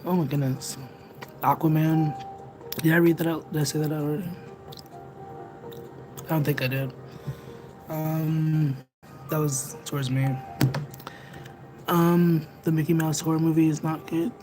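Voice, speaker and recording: A man's voice: a little high, flat delivery, measured pace, pauses often. Rambling, self-conscious male livestreamer. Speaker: livestreamer and tarot reader. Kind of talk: casual livestream chat, answering viewers. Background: music playing in the background.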